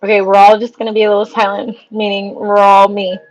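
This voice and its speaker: A woman singer chatting on a livestream, excitable and talkative, laughing often. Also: medium pitch, quick pace, soft background music, poor audio. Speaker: singer livestreaming a vote contest. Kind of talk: casual livestream chat.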